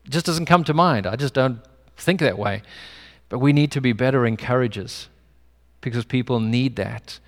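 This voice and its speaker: A man's voice: medium pitch, normal speed. A male pastor with a non-American English accent gives a conversational sermon full of personal stories. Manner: conversational preaching with personal anecdotes. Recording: long hall reverb.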